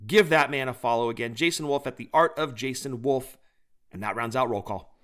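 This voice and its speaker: A man's voice: medium pitch, fairly quick, a bit bright. A man co-hosting a podcast, chatting casually and doing enthusiastic, joking plugs for other shows. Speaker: podcast co-host.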